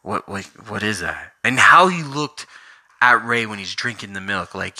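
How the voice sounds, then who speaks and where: A man's voice: fairly low pitch, lively intonation, unhurried, sharp tone. A man ranting casually about a movie in a rambling, exasperated way, full of fillers. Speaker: vlogger reviewing a movie. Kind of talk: casual rant.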